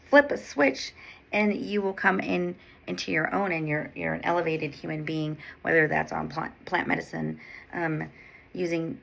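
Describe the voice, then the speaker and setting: A woman nurse coach hosts her own podcast in a loose, candid monologue. Her voice sits low and carries a gravelly fry, yet its tone stays bright and forward. She rambles, restarts her thoughts and swears freely. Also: low-quality recording. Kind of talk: casual monologue.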